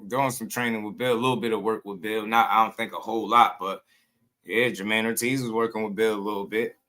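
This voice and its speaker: A man's voice: lowish voice, steady tone, fast talker, pushed and bright. A man hosting a boxing channel, talking in loose, slangy commentary and often breaking into laughter.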